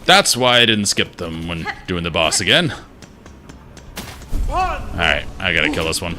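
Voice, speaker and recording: Lively low-voiced male game streamer. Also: a little slow, over music. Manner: chatty, thinking out loud while exploring. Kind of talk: casual gameplay commentary.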